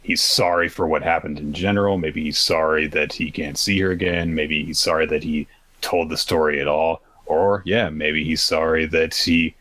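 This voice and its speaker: A man co-hosting a podcast, casually recapping manga chapters, rambling and acting out characters' lines in quick pitched-up quotes. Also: steady tone, fairly bright tone. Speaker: podcast co-host.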